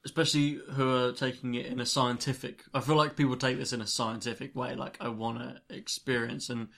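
A man hosts a casual podcast, chatting loosely and laughing through his sentences. His voice has an ordinary middle pitch. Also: level tone, fairly quick, vocal fry, a bit bright. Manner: chatty, laughs while talking. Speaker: podcast host.

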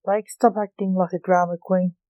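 A woman voicing a quick-tempered young male magician who answers sharply and defensively, in a storybook reading. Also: medium pitch, dark tone, dry recording, muffled recording, close to an everyday voice.

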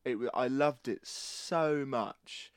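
A man's voice: mid-range voice, slow pace, clear, resonant tone, dry recording, studio quality. A man co-hosting a casual podcast chat, talking enthusiastically and rambling. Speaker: podcast co-host.

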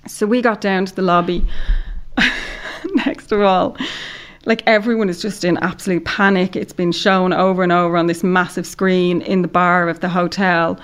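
An Irish woman from Ireland, a podcast guest telling a story in casual chat, animated and full of "like". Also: on the low side, moderate pace, smooth. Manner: animated storyteller, heavy use of "like".

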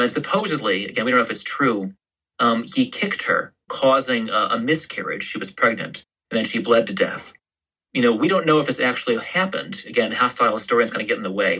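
Bright, husky-voiced man explaining history. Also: mid-range voice, poor audio. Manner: explains history in long, loose storytelling turns. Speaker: historian guest. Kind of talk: podcast interview.

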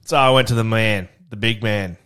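A man's voice: fairly low pitch, normal speed, a bit bright, smooth. A man co-hosting a podcast, telling stories in casual chat, swearing freely and laughing often. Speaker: podcast co-host.

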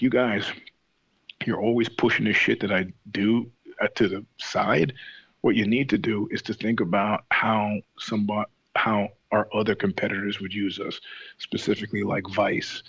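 A man's voice: lowish voice, creaky, a bit bright, husky, dry recording, highs cut off. A man in casual conversation, telling stories in a rambling, profane way with many restarts. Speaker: podcast guest, singer and show host. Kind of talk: casual chat.

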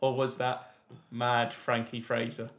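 A man's voice: mid-range voice, completely flat delivery, slow pace, fairly bright tone. A man co-hosting a podcast as quiz master, teasing his co-host and laughing often through casual comedic banter.

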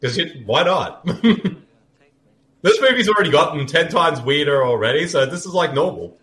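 This podcast co-host sounds a little high, expressive and fairly bright as he jokes his way through a casual movie commentary. He laughs a lot and throws in quick asides, all in a room with noticeable echo.

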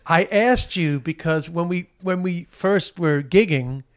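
A man's voice: a little high, measured pace, clean tone. A man hosting his own podcast, talking in a loose, rambling way with plenty of fillers. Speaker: podcast host. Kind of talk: casual podcast chat.

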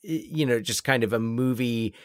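A man co-hosting a casual film podcast, his voice at an everyday middle pitch. He rambles, restarting his sentences and circling back with fillers. The recording is close and dry. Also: moderate pace, dry recording. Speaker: podcast co-host.

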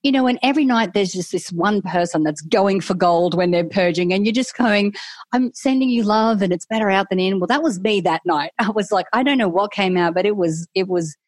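A woman's voice: medium pitch, a little fast, hardly any pauses, dry recording. A middle-aged woman, a guest telling a candid personal story in a casual interview and acting out her own inner voice.

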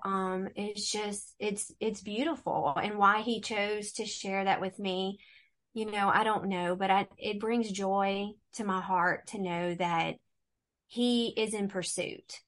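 Woman sharing a heartfelt faith story. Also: mid-range voice. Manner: animated storyteller, acts out quoted voices. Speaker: guest. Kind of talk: faith testimony in casual conversation.

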